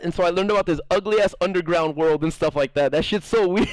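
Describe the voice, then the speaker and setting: A young man chatting casually on his game stream, rambling through animated stories and playing out the quoted lines of others. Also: high-pitched, normal speed, hardly any pauses, dry recording, rough recording. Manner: rambling, animated storytelling, playful acted-out quotes. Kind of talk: casual live-stream chat.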